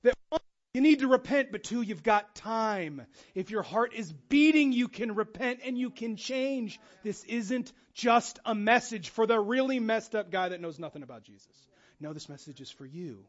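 A male pastor preaching with a very high voice and lively, casual energy. He jumps between conversational asides and acted-out quotes, swinging his tone up and down. The recording sounds dull and lo-fi. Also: moderate pace. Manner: animated, acts out quotes with shifting voice. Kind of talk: sermon.

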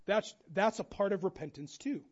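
A man preaching a sermon in a conversational way, swinging from hushed to loud and urgent, and acting out the quoted voices. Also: sits high, normal speed, lo-fi sound. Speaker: pastor.

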